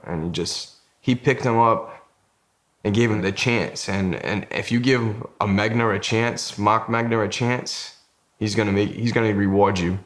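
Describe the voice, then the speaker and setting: A man's voice: on the low side, fairly bright tone. A man speaking about his brother in a documentary interview, close to tears. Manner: emotional, choked up. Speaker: subject's brother.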